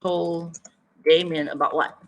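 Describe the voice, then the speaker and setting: A man's voice: on the high side, little pitch movement, slow pace, a bit bright, rough recording. A man teaching an online writing lesson, coaxing students, thinking aloud and repeating their chat answers back.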